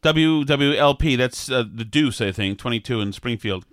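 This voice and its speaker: A man's voice: mid-range voice, lively intonation, normal speed, a bit bright, dry recording, studio quality. A man hosting a casual talk show, grumbling and sardonic, with mock outrage. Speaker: radio show host.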